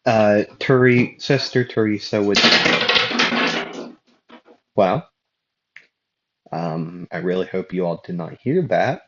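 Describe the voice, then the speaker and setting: A man's voice: fairly low pitch, slow pace, long pauses, a little mellow, dull audio. A young man casually narrating a fan story, rambling with fillers and self-deprecating asides.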